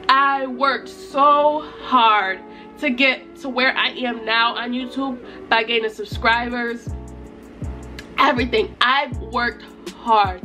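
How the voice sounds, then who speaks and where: Tearful with excitement, a young woman from Utica in upstate New York keeps repeating herself in a high-pitched voice. She's a YouTuber doing a casual, emphatic vlog chat at home before a mirror.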